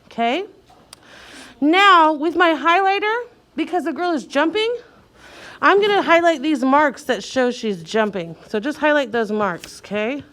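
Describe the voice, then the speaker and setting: A woman teacher leading a young child through a reading lesson, slow and clear, sounding out letters and encouraging. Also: sits high, lively intonation, a bit bright.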